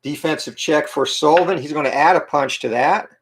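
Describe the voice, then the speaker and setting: A man with a slightly hoarse morning voice, giving play-by-play commentary on a tabletop boxing game and calling out each roll in short clipped phrases. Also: a little high. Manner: calls each dice roll and punch count in quick clipped phrases.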